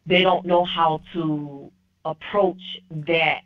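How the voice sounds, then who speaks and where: Brief: female caller, slow and opinionated, muffled phone sound. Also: sits low, steady tone. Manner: firm, opinionated, restarts often. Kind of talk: casual call-in phone talk. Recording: dull lo-fi phone line.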